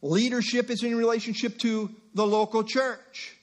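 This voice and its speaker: High-voiced man preaching conversationally. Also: little pitch movement, normal speed. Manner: conversational preaching with asides and acted-out dialogue. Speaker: pastor. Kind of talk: sermon.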